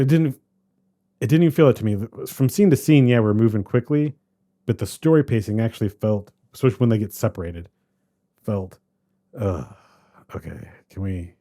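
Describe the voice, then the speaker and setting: A man co-hosting a podcast, chatting casually about a movie in a rambling, animated way that keeps trailing off and restarting. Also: on the low side, normal speed, pauses often. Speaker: podcast co-host. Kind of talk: casual movie review chat.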